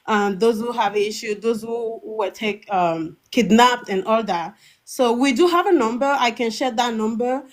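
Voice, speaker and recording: A fairly high-voiced woman speaks over a phone line as a caller on a live talk show. She talks with raw emotion, circling back and repeating phrases as she presses her point. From Togo. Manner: emotional, repeats and restarts words. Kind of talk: impassioned call-in testimony.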